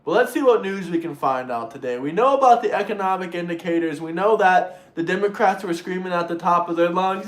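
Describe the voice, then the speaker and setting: A man hosting a political livestream, ranting in a mocking, crude, sarcastic way and mimicking opponents in shrill voices. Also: lively intonation, fairly quick, hardly any pauses, reverberant. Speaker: livestream host reading super chats.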